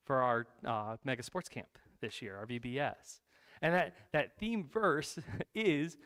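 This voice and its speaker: A male pastor preaching a sermon, retelling a Bible story in a lively, casual way with asides to the congregation. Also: medium pitch, dry recording.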